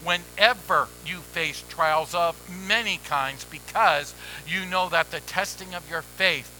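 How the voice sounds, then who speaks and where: A man preaching a sermon as pastor, measured and emphatic with deliberate pauses. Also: a little high, bright, forceful tone, a little hiss or hum, rough recording.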